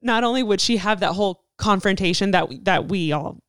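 A woman co-hosting a podcast chats in a playful way and laughs often. She also reads listener letters aloud. Her voice is smooth and clear, and the sound is close and dry. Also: medium pitch, fairly quick, no room sound. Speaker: podcast co-host. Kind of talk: casual chat.

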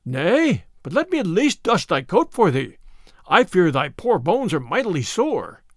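A man's voice: high-pitched, big pitch swings, a little slow, no echo, clean studio sound, heavily acted. A man voicing Little John, a sly male outlaw who teases with mock soberness. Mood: teasing.

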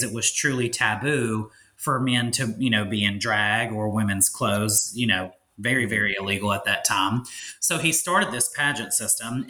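A man in his thirties from Louisiana, calmly explaining things as a podcast guest in a polite, easy conversational way. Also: mid-range voice. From Louisiana, USA. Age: 30s. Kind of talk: casual interview chat.

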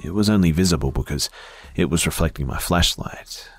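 A man slowly narrating a first-person horror story in a hushed voice that often drops to a whisper. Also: low voice, no room sound.

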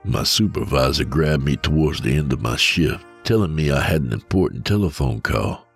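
Very deep, husky male horror narrator. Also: faint music behind. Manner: steady, measured storytelling. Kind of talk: scripted first-person horror narration.

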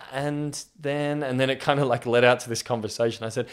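A young man, telling a personal story in a candid, heartfelt way with soft laughs. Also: medium pitch, steady tone, quick pace, few pauses, clean tone.

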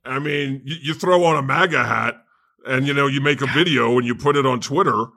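A man hosting a comedy podcast, bantering playfully with quick, chatty interjections. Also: mid-range voice, gravelly, sharp tone. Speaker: podcast host playing God.

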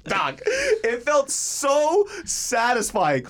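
A man's voice: very high-pitched, wildly swooping pitch, takes it slowly. A man telling a comic story on a podcast, laughing often and swearing freely. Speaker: podcast co-host. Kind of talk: casual comedic storytelling.

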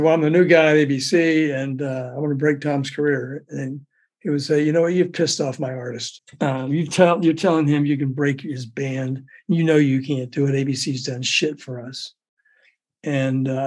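An older man tells a story in a loose, rambling way, often restarting sentences and breaking into laughter. His voice sits a little high for a man. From raised in Memphis. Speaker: storyteller guest. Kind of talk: casual anecdote telling.

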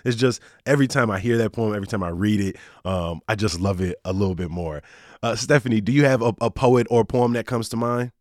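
A man's voice: fairly low pitch, brisk, dry recording, studio quality. A man hosting a local news podcast in an easygoing, casual way. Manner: relaxed, easygoing, says y'all and uh often. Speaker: podcast host.

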